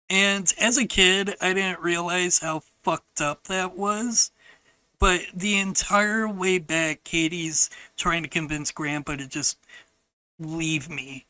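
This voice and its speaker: A man telling a personal story on his podcast, in a frank, halting and profane way. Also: on the high side, steady tone, bright, forceful tone, smooth, no room sound, poor audio.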